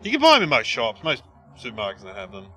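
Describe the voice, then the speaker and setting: A man's voice: mid-range voice, fast. An Australian comedian in his forties, chatting casually and rambling through stories with lots of restarts. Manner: rambling, lively storytelling with many restarts. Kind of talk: casual chat.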